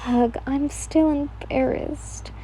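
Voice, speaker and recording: A woman's voice: on the high side, expressive, normal speed, mellow, slight background noise, low-quality recording. Yin, a woman reading a brash young woman. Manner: brash and swearing.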